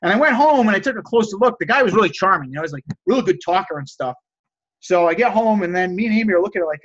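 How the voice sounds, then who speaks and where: A man coaching resellers in a casual motivational talk, energetic and repeating key phrases for emphasis. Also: sits high, fast, highs cut off.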